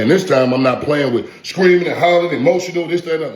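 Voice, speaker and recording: A man's voice: medium pitch, animated, fast talker, darkish tone. A man, an online content creator, delivering a profane, taunting vlog rant full of repeated insults. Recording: roomy echo.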